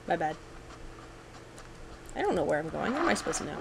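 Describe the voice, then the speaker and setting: A young woman giving casual, excitable commentary while playing a video game, with sudden yelps and running chatter. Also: low voice, fairly quick, creaky, pauses often, poor audio. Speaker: let's play gamer.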